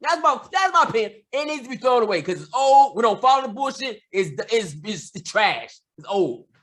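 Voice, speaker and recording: Heated high-voiced man ranting. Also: sing-song, normal speed. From United States. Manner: heated, profane, repeats himself, bursts into shouting. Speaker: commentator. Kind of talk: angry opinion rant.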